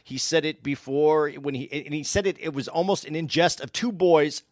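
A man's voice: fairly high pitch, fairly even intonation, normal speed, no echo, clean studio sound. A man arguing politics insistently, interrupting and repeating his points. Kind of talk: casual political debate.

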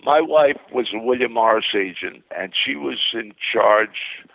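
A man's voice: mid-range voice, unhurried, gravelly, dry recording. An older man from Queens, New York, telling rambling, enthusiastic stories as a guest over the phone, with many restarts. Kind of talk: phone interview storytelling. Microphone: telephone. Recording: tinny phone line.

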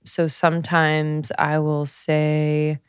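Low, slow, soothing woman's voice. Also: completely flat delivery, smooth, no room sound, studio quality. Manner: gentle, slow and soothing, demonstrating vocal tones. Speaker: podcast host. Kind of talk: reflective spiritual guidance.

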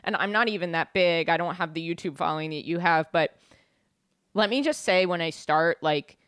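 A young woman hosting a podcast, talking in a joking, animated way and swearing freely. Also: fairly low pitch, brisk, clear, resonant tone, no echo, clean studio sound. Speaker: podcast host. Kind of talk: casual chat.

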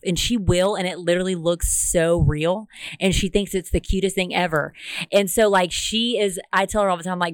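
A young woman co-hosting a podcast, gushing and chatting freely with a casual curse thrown in. Her voice sits a little low. It is recorded close and dry, with no room sound. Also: steady tone, a little fast, clear, resonant tone, no echo. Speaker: podcast co-host. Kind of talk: casual chat.

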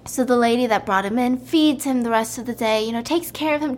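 A woman's voice: on the high side, fairly quick, few pauses, slight background noise. A woman host casually and animatedly retelling a film plot, amused and chatty, with plenty of fillers. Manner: lively, amused, conversational with fillers.

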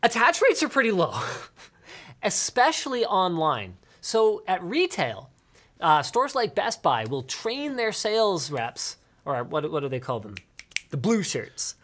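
A man hosting a casual tech talk show, rambling with quick asides and self-corrections. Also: high voice, wildly swooping pitch, fairly bright tone. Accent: Canadian. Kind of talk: casual chat.

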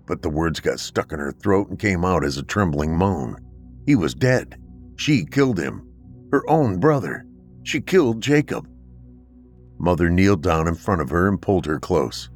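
A man narrating a horror story in a dramatic, expressive way. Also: deep voice, moderate pace, soft background music.

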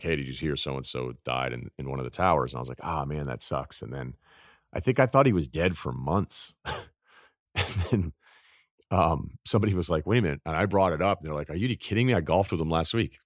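A very deep-voiced man in his forties talks straight into a podcast mic with a close, dry sound. He tells a personal story in a loose, rambling way, circling back and restarting, and turns reflective and confessional as he goes. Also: no room sound. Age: 40s. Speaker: podcast host.

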